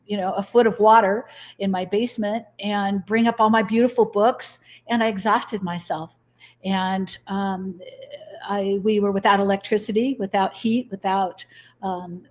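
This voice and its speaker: Earnest middle-aged woman telling stories. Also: medium pitch. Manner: earnest, acts out quoted dialogue. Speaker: guest. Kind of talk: interview storytelling.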